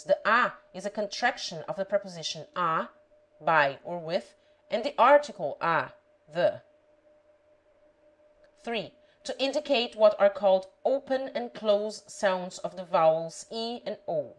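A woman reading a grammar lesson aloud, pronouncing example words carefully and deliberately. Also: mid-range voice, lively intonation, poor audio. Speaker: language teacher.

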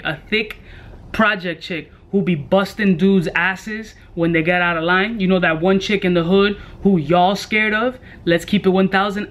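A man's voice: sits high, fairly bright tone. A young man casually reviewing fragrances in a brash, joking way, full of profane street slang. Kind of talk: casual product review vlog.

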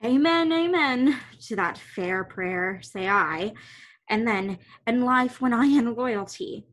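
Cast: woman as a passionate young man in love, unhurried, higher voice, declaiming verse on a video call. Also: expressive, a bit bright, heavily acted. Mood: earnest. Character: ardent young male lover, impulsive. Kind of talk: Shakespeare verse reading.

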